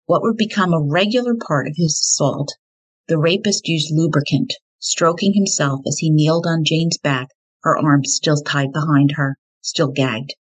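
A woman hosting a podcast, telling a true crime story in a measured, deliberate way. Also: low voice, rough recording. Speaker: podcast host.

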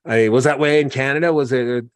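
A man's voice: mid-range voice, quick pace, dry recording, studio quality. Easygoing man chatting on a podcast. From Oregon. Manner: rambling, animated storyteller who mimics others' voices. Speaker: podcast host. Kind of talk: casual conversational interview.

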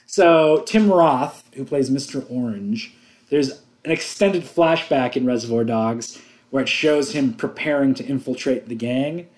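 A man co-hosting a casual movie commentary. He is jokey, laughs often and slips into quick impressions. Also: medium pitch, a little mellow. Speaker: podcast co-host.

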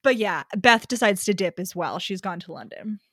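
A woman's voice: medium pitch, lively intonation, moderate pace, a bit bright, no room sound, studio quality. A young woman co-hosting a casual book chat, rambling with lots of "like" and acting out characters' lines. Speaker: podcast co-host.

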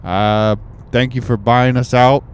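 A man with a New Zealand accent hosting a podcast, bantering casually and haltingly with many fillers. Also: mid-range voice, fairly even intonation, smooth. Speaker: podcast host.

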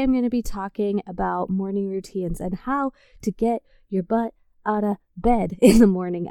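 A woman's voice: mid-range voice, mellow, clear, resonant tone, no echo, studio quality. A woman hosting a solo podcast, talking casually and encouragingly straight to her listeners. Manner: upbeat, encouraging, speaks directly to listeners. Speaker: podcast host.

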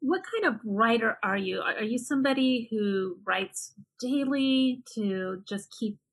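A woman's voice: on the high side, expressive, measured pace, husky, poor audio. A woman co-hosting an interview, asking several curious questions in a row. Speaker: interview co-host.

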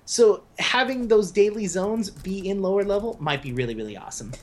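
A podcast co-host in casual gaming chat, speaking at a middling pitch. The talk is opinionated and long-winded, full of "uh" and restarts. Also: animated, fairly quick. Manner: opinionated, explains at length with fillers.

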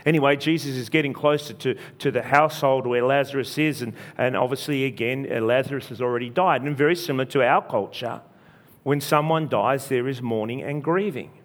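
A man's voice: medium pitch, brisk. A man preacher retelling a story in a sermon, speaking earnestly, repeating phrases and restarting often. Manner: earnest, repetitive, frequent restarts.

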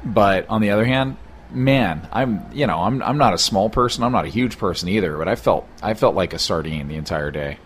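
A man's voice: lowish voice, animated, brisk, a little hiss or hum. A man co-hosting a casual chat in a hostel room, telling a long rambling story with many fillers. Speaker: podcast co-host.

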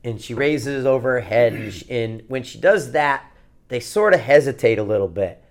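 A podcast co-host from Connecticut tells a long, meandering anecdote in a casual, storytelling way, at an ordinary middle pitch and normal speed. He curses freely, circles back on himself, and stays animated throughout.

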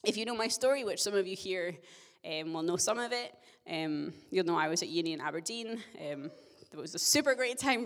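A young woman giving a sermon to her church, telling a personal story in a chatty, self-deprecating way with gentle humor. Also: lowish voice, lively intonation, brisk. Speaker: church speaker. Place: church hall. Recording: long church-hall reverb.

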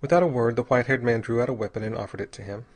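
Man, audiobook narrator, steady even reading, mid pitch. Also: very fast. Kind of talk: scripted narration.

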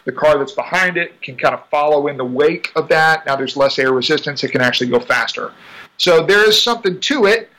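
A man, a racing driver talking casually in an interview, chatty and quick to laugh. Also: a little high, poor audio. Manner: chatty, laughs often, animated asides.

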